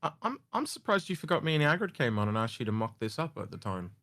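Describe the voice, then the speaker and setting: A man on a voice call talks quickly and eagerly, stumbling over his words. His pitch swings up and down a lot as he tells the story. His delivery is fast and animated. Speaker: co-streamer on a voice call. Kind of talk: casual chat.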